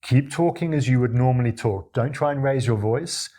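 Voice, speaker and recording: A man from Australia with a deep voice, coaching viewers on confident speaking in a demonstrative, animated way. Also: normal speed. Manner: demonstrative, animated, acts out examples with his voice. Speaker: communication coach. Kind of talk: talking-head tutorial to camera.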